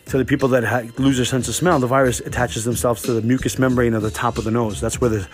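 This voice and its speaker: A young man hosting his own podcast, rambling through a profane and animated monologue at an ordinary, mid-range pitch. He swears freely and stacks up tangents. Faint music plays underneath. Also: quick pace. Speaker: podcast host. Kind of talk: casual monologue.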